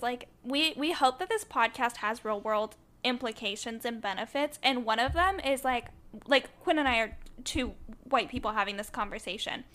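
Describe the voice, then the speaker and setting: High-voiced woman co-hosting a podcast. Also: fairly bright tone. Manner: opinionated, earnest, frequent "like" fillers. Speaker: podcast co-host. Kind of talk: casual discussion.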